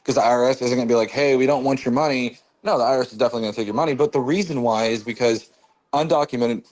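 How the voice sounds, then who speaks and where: A man hosting a casual political chat, talking in an animated way and jumping up in pitch when he jokes. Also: very fast. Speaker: host.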